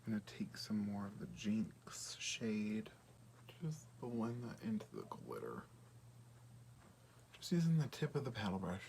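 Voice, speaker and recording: A man chatting casually through a makeup tutorial, often dropping to a soft half-whisper while he works. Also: on the low side, sing-song, a little slow, gravelly, long pauses, slight background noise. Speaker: beauty vlogger.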